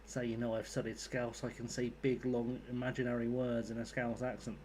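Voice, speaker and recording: A man's voice: mid-range voice, level tone, brisk, darkish tone, a little hiss or hum. A man giving casual, rambling commentary while playing a game, swearing freely. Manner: rambling, sweary, chatty asides. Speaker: gaming YouTuber.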